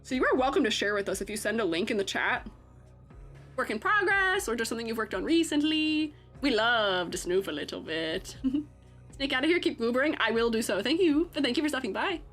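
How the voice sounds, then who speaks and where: A woman chatting casually on a livestream while she draws, a freelance artist and art educator, bubbly and quick to giggle. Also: high voice, animated, fairly bright tone, faint music behind.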